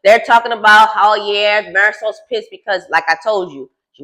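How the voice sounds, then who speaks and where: A woman's voice: medium pitch, normal speed, hardly any pauses, sharp tone. A woman recapping a reality show in a casual gossip style, sassy and teasing as she talks straight to the cast.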